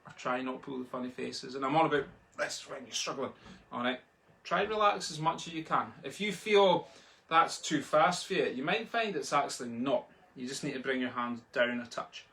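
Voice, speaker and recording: A Scottish man teaching a drumming lesson online from home, talking in a relaxed, chatty way and chanting the sticking patterns aloud. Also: mid-range voice, normal speed, creaky. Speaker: drum tutor. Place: home, a street outside.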